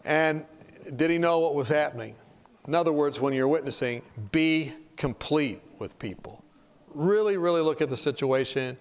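A man's voice: fairly high pitch, normal speed, smooth. A man preaching in a conversational way, telling stories and asking his listeners questions. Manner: direct, storytelling, asks the audience questions. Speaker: preacher teaching a class.

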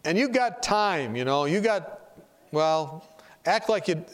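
A man's voice: on the high side, lively intonation, slow. A man preaching in a conversational way, telling stories and asking his listeners questions. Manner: direct, storytelling, asks the audience questions. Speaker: preacher teaching a class.

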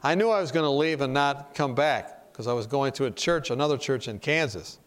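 A man's voice: mid-range voice, brisk. Direct, storytelling male preacher. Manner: direct, storytelling, asks the audience questions. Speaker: preacher teaching a class. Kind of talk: conversational sermon with stories.

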